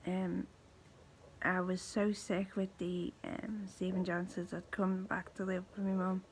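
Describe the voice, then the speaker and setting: A woman in her thirties with a weak, thin voice, telling her own story to camera in slow, halting speech that often fades to a breathy near-whisper. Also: on the low side, flat delivery, slight background noise, rough recording. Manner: halting, slow speech with pauses, restarts and fillers. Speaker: vlogger.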